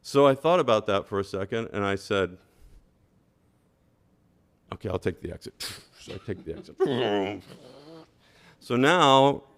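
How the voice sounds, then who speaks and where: A man on a school board, speaking at a meeting and telling an anecdote with lively asides and "right?". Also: on the low side, measured pace, clear, resonant tone. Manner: animated storyteller, repeats "right?".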